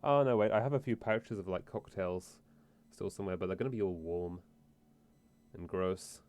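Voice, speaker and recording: A man's voice: deep voice, moderate pace, a little mellow. A man streaming a game, chatting casually in a rambling, profane, self-interrupting way. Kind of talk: casual let's-play chat.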